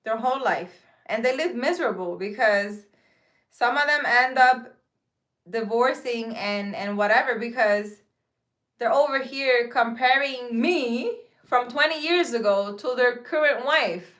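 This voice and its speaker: Her voice is somewhat high and a bit bright, and she speaks unhurriedly. She's in her thirties, a live-stream host and spiritual advisor sitting out in a park, giving her viewers earnest, emphatic, casual advice about relationships and faith.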